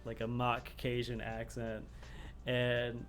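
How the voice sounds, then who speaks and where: A man from Texas hosts a podcast with a faint Southern lilt in his speech. He talks loosely, piling up fillers and swear words as he rambles, at an ordinary middle pitch. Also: monotone, takes it slowly, a bit bright, slight background noise. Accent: slight Southern US. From Texas, USA. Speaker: podcast host. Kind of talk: casual chat.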